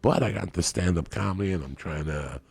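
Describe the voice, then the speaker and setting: A man's voice: low-pitched, fast, gravelly, breathy edge, no echo. A man telling a raunchy story on a podcast in a brash, profane way. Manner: brash, profane, builds to laughing shouts.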